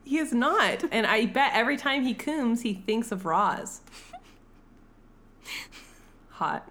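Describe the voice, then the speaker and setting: A woman co-hosting a casual chat, recapping a film with animated, profane storytelling. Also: fairly high pitch, moderate pace, a little hiss or hum. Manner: animated, profane storytelling, acts out quotes in voices.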